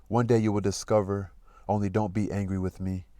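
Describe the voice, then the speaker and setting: Brief: wistful, restless young noblewoman read by a man in his own low voice, deep tone, dry close sound, book read aloud. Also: flat delivery, a little fast, mellow, dry recording, lightly acted. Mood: earnest. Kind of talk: reading a novel aloud.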